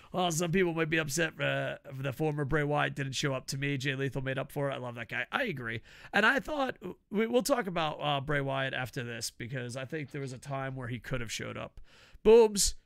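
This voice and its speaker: A man's voice: on the high side, gravelly, fairly bright tone, no echo, clean studio sound. A middle-aged man, hosting a casual wrestling review and rambling through profane, laughing stories. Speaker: podcast host.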